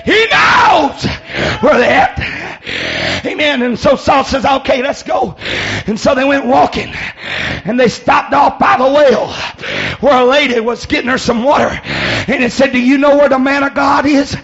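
A man preaching a shouted sermon in church, whooping and calling on the congregation to respond. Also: very high voice, steady tone, normal speed, muffled recording. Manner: hollers and whoops, calls for response. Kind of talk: shouted Pentecostal-style sermon with storytelling.

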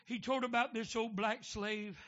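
A male preacher delivering a sermon, calling out to the congregation for amens and building up to shouting. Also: very high-pitched, steady tone, moderate pace. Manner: call-and-response, building to shouting. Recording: dull lo-fi sound.

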